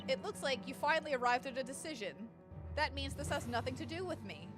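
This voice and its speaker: A woman's voice: sits high, expressive, fast. A woman voicing a cheerful, pushy young flower girl who is a witness in a trial. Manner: cheerful, pushy, sales-minded. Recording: game music behind.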